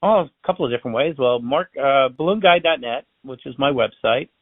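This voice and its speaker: A Florida-based balloon artist and magician tells stories in a casual interview, speaking fairly quickly at a medium pitch. He's a chatty, animated storyteller who acts out the voices of the people in his stories. The audio has no room sound but comes through as a tinny phone line.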